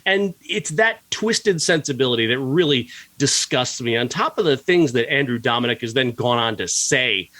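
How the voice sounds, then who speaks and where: A man's voice: medium pitch, lively intonation, moderate pace, hardly any pauses, a bit bright, no room sound. A man co-hosting a podcast, ranting angrily and profanely in a heated casual film review. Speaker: podcast co-host and film critic.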